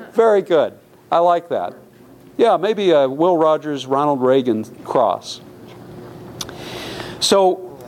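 A man speaks to a live audience in a room. His voice sits on the higher side, and he talks in an animated, storytelling way, often putting questions to his listeners. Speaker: lecturer. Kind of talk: public talk to a live audience.

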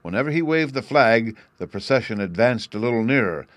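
A man reading a classic novel aloud as narrator, in a measured storytelling manner. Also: mid-range voice, animated, fairly bright tone, no echo.

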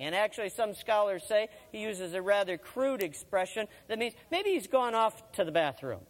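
A man with a high voice preaches a sermon and tells the story with drama, going loud in the quoted lines and hushed in the prayer. His voice rings through a hall with a long reverb. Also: animated, moderate pace, few pauses. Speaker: former college chaplain preaching.

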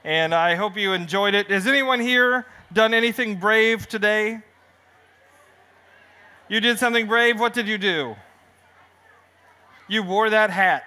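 A man's voice: high-pitched, unhurried, pauses often, pushed and bright, smooth. A man reading his picture book aloud on a festival stage, joking with the family audience like a showman. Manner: playful, showman-like banter with the crowd. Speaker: children's author.

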